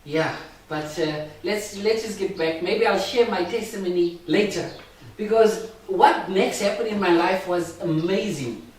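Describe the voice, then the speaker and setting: A man, a pastor, sharing his personal testimony with a small group, halting and repeating words as he goes, with frequent chuckles. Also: sits high. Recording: echoey room, mic far off.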